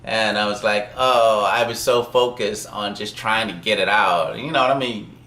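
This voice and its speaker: A man with a lowish voice that still has a forceful, bright edge tells a casual work anecdote. He rambles, restarts, and laughs softly between thoughts. The room around him sounds echoey. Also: normal speed, a little hiss or hum. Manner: rambling, with frequent fillers and chuckles. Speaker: software developer. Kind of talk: casual storytelling.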